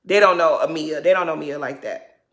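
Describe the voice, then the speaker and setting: A woman's voice: moderate pace, a bit bright, roomy sound. A woman giving a casual reality TV recap, sassy, blunt and profane. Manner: sassy, blunt and profane, mimics others in high exaggerated voices.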